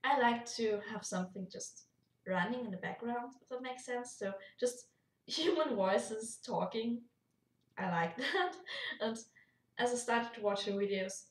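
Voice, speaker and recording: A young woman with a German accent rambles along in a casual vlog, breaking into frequent giggles. Her voice sits a little high and she talks slowly. She sits some way off the mic in an echoey room. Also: far from the mic. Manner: giggly and rambling, laughs often. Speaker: YouTuber.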